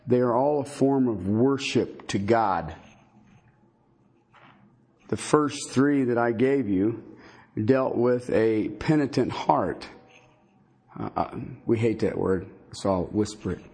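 A man teaching a Bible sermon in a halting, conversational way, with many fillers and folksy asides. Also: mid-range voice, gravelly, a little mellow, breathy edge. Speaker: preacher.

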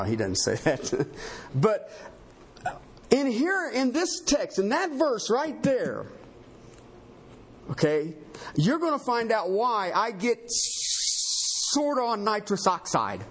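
Animated preaching man, high lively voice. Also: slight background noise. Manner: animated, emphatic, repeats "okay?" to the congregation. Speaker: pastor. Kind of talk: sermon.

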